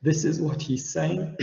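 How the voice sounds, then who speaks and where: A man's voice: on the high side, takes it slowly, gravelly, a little mellow, a little hiss or hum. A man giving a university lecture, explaining ideas step by step and often checking in with his listeners with "right?". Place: lecture hall. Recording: echoey hall, dull lo-fi sound.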